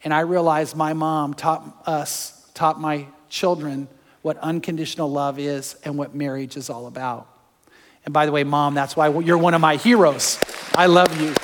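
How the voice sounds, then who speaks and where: A pastor preaching a sermon, telling personal stories that move from hushed to fervent. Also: male voice, fairly high pitch, fairly even intonation, normal speed, long reverb tail.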